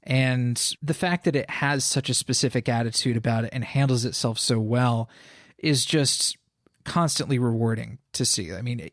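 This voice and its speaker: A man's voice: mid-range voice, dry recording, studio quality. Enthusiastic male podcast co-host. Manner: enthusiastic, recommending. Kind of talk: casual film review chat.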